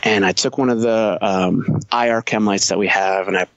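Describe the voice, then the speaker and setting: A man's voice: lowish voice, steady tone, moderate pace, fairly bright tone, no echo, highs cut off. A man who is a Marine veteran, telling a war story as a podcast guest, blunt and heavy on profanity. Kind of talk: casual storytelling.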